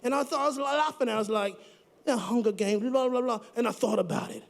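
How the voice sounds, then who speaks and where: A man's voice: very high voice, fairly quick, creaky. A man putting on a cocky British rocker persona with an accent that drifts toward Australian, trash-talking during a live podcast interview. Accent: put-on British-Australian accent. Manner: swaggering, cocky trash talk. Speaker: musician guest.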